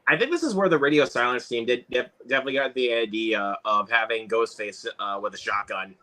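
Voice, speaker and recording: Lively bright-voiced man hosting a watch-along. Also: mid-range voice. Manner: excitable, swears, quick reactions. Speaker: host. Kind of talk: casual movie watch-along commentary.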